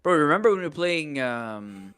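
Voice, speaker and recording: A male streamer chatting casually with a friend, excitable and laughing often. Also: on the high side, moderate pace, clean tone. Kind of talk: casual chat.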